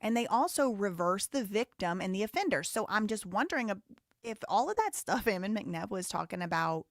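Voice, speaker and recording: A woman's voice: medium pitch, very animated, brisk, no echo, clean studio sound. A woman host giving teasing, wry reaction commentary on a live show.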